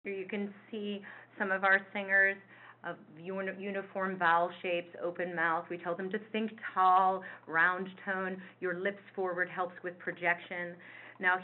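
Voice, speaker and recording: A woman choir director explaining singing technique in a webinar, talking with frequent fillers. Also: lowish voice. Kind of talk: webinar presentation. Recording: phone-like narrow band.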